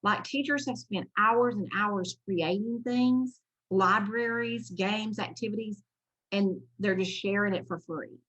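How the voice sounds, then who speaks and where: A woman's voice: medium pitch, a little slow, a bit bright, poor audio. A woman giving an online presentation to teachers, chatty and enthusiastic, with asides about her slides.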